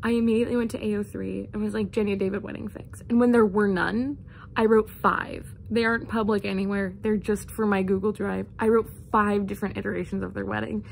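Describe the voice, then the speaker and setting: A young woman talking in a casual vlog about a book she loves, gushing and excitable, often laughing between sentences. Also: medium pitch, a little fast, creaky, slight background noise. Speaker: book vlogger.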